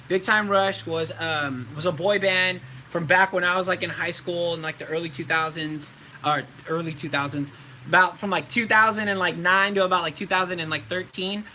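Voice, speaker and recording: A man's voice: high-pitched, pushed and bright, a little hiss or hum, poor audio. A man in his twenties, a voice actor, chatting casually on a live stream and answering viewer questions in a laid-back way.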